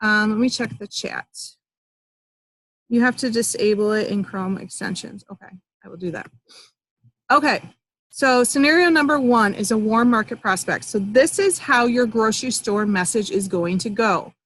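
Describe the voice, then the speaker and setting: A woman's voice: on the high side, normal speed, a bit bright, poor audio. A young adult woman coaching network marketers on a live online call, chatty and upbeat, with fillers and little acted-out sample dialogues.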